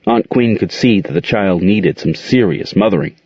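A man narrating a novel as an expressive audiobook reader, in a dull, dry recording. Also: low voice, moderate pace, breathy edge, no room sound. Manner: expressive storytelling.

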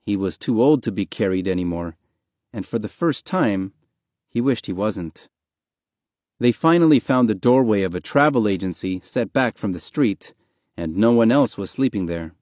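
A man narrating an audiobook in a calm, even, measured reading voice. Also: fairly low pitch, dry recording, studio quality.

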